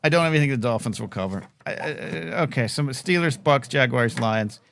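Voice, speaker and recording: A man's voice: medium pitch, animated, fairly quick, a bit bright, slight background noise. Tired, rambling male live-show host. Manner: distracted, self-deprecating, talking to his dog mid-show. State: low energy, tired. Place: apartment at home. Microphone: desk microphone.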